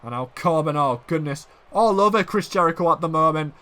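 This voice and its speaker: Excitable man calling wrestling play-by-play. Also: brisk, hardly any pauses. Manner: swings from low murmurs to shouted exclamations. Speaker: fan commentator of a wrestling video game.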